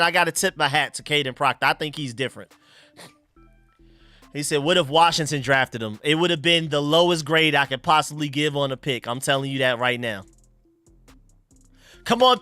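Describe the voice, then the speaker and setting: A young man hosting a casual live stream, chatting excitedly and thanking donors. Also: a little high, fairly quick, smooth, no echo, faint music behind.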